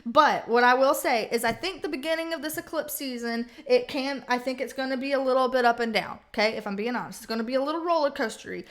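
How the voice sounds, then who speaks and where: A woman's voice: high-pitched, quick pace, few pauses, a bit bright. A woman giving a casual tarot reading, blunt and chatty, swearing freely and acting out the people she quotes. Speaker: tarot reader.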